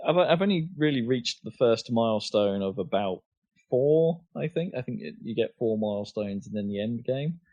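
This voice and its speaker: A man's voice: mid-range voice, animated, moderate pace, warm tone, dry recording. Hesitant man on a lo-fi podcast. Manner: hesitant, many fillers and restarts. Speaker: podcast co-host. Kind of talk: casual chat. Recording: dull lo-fi podcast audio.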